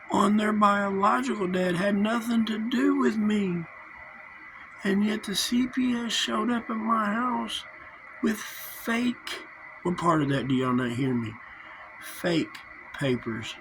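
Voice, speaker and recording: A man's voice: high voice, slow, noisy background. A man delivering an angry, confrontational vlog rant, full of threats and repetition. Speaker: vlogger. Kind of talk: angry direct-to-camera rant.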